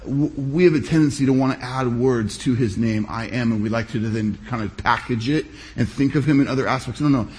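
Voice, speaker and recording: A pastor giving a sermon, preaching in a measured, emphatic way with deliberate pauses. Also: male voice, medium pitch, darkish tone, slight background noise.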